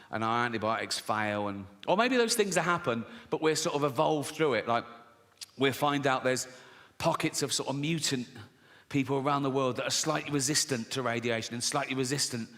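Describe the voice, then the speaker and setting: A man's voice: mid-range voice, fairly bright tone. A middle-aged man performing a stand-up set, brash and sweary, ranting at the crowd. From England. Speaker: stand-up comedian. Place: large theatre stage. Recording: live hall reverb with audience noise.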